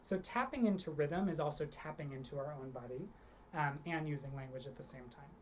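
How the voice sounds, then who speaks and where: A woman with a low, deep-set voice leads an online drama workshop from home, talking students through acting games. She breaks into exaggerated emotional line readings to demonstrate. A faint hiss sits under the recording. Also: brisk, darkish tone. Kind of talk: online theatre workshop instruction. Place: home, video lesson.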